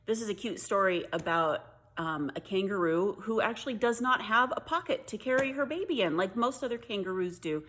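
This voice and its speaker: Expressive woman reading a children's story. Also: mid-range voice, fairly quick, a little hiss or hum. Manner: gentle, expressive. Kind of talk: reading a children's picture book aloud.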